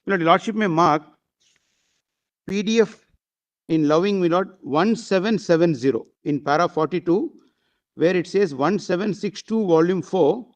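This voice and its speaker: A man argues before a court bench, reading out passages in a formal, deferential cadence. He repeats "my lord" constantly and stumbles through fillers. His voice sits high for a man. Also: normal speed. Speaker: advocate arguing before a bench. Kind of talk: courtroom argument.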